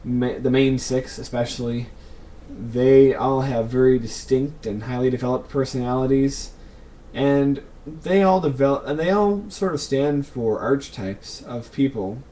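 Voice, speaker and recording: A young man answering viewer questions in a casual vlog, thinking aloud with lots of ums and pauses. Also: medium pitch, warm tone.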